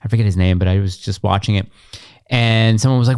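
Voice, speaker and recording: A man's voice: fairly low pitch, fast talker, vocal fry, a little mellow, clean tone, no echo, clean studio sound. Blunt, sarcastic young man on a podcast. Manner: blunt, sarcastic, acts out other people's lines. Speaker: podcast co-host. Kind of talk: casual chat. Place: podcast studio.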